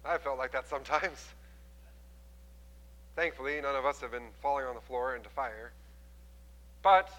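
A man preaching a sermon, retelling a scripture story with lively voices for the people in it. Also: mid-range voice, normal speed, long pauses, long reverb tail, low-quality recording. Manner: animated storytelling, acting out quoted voices. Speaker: pastor.

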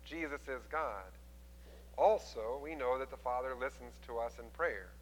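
A man preaching a sermon, retelling a scripture story with lively voices for the people in it. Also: mid-range voice, normal speed, long reverb tail, a little hiss or hum, poor audio. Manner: animated storytelling, acting out quoted voices. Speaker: pastor.

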